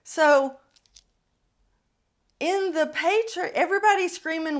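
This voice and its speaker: Casting note: middle-aged woman, podcast host, unhurried delivery with a wide-swinging, fairly high voice, blunt and salty. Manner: blunt, profane, animated storytelling. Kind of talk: casual storytelling monologue.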